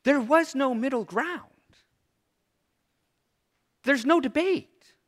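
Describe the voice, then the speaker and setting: A man preaching a sermon as pastor, with dramatic pauses, dropping low and soft on quoted lines. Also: in a large hall.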